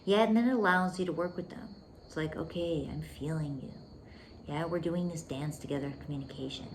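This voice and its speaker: Woman host, low voice, intimate coaching monologue, faint hiss behind. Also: fairly quick. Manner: intimate, emphatic, calls listener "baby", drops to whispers. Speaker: podcast host.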